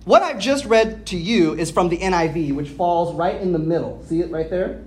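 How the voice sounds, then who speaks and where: A woman preacher giving a teaching sermon, explaining things step by step, asking her listeners questions and sounding out Greek words slowly. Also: lowish voice, a little mellow. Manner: explanatory, asks the audience questions. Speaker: pastor.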